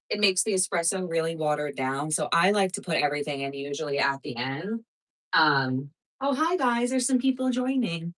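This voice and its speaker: Woman, New Jersey accent, somewhat low pitch, casual live cooking chat, rambling, lots of fillers. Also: fairly bright tone, low-quality recording. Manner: chatty and rambling, full of "um" and "like". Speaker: cooking show host.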